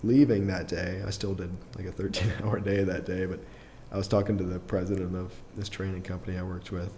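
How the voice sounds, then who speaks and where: A young adult man, a podcast guest, telling a personal story in a casual, rambling way full of fillers and quick chuckles. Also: deep voice, little pitch movement, mellow, slight background noise. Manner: rambling, filler-heavy, restarts often, chuckles through his story.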